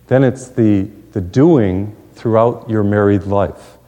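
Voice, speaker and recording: Man, middle-aged, preacher, folksy storytelling sermon, mellow voice, long hall reverb. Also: fairly low pitch, takes it slowly, muffled recording. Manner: folksy storytelling with jokes and asides.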